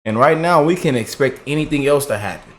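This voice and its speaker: A man's voice: mid-range voice, animated, a little fast, a bit bright. Laid-back man rambling to viewers. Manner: laid-back, drawling, repeats "man" and "y'all". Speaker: political commentary vlogger. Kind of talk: casual rambling commentary to viewers.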